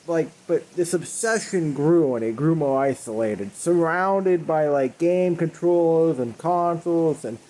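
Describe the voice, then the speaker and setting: A man's voice: a little high, measured pace, few pauses, warm tone. A man making a comedic video, swearing often and ranting in an exasperated, rambling way that keeps stopping and restarting. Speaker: video creator. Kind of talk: profane comedic rant to camera.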